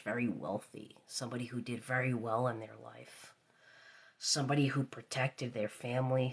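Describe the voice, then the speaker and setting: A woman with a husky, slightly breathy voice reads tarot cards on a live stream. She circles back over her phrases, and at times her voice sinks to a hushed whisper. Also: extremely low pitch. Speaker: tarot reader.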